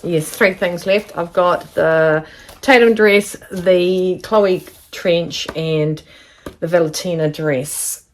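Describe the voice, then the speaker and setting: A woman's voice: lowish voice, fairly even intonation, slow. Chatty, rambling woman sewing vlogger. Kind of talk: casual chat to camera. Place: home sewing studio.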